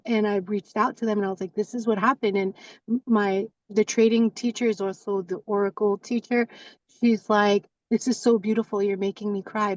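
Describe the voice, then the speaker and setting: A woman's voice: mid-range voice, no echo, far from the mic, dull audio. A woman sharing openly in casual talk, rambling with many fillers and acting out her own thoughts. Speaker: community member sharing.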